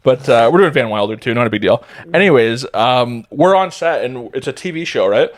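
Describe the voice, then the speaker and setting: Man, guest actor, casual chat, rapid, profane, middle pitch. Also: lively intonation. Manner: quick, loose and profane, jumps into stories with acted-out quotes.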